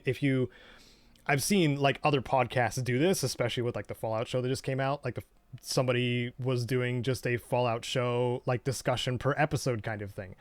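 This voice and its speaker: A man co-hosts a casual gaming podcast, rambling along in a relaxed way and often trailing off mid-thought. His mid-pitched voice sits on a dry, close recording with no room sound. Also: dry recording. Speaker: podcast co-host.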